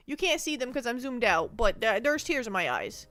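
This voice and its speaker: A woman's voice: a little high, big pitch swings, moderate pace, a bit bright, no room sound. A woman livestreamer chatting casually with her viewers, playful and mock-hurt, often repeating words as she thinks aloud. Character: speaks as a sensitive penguin streamer persona.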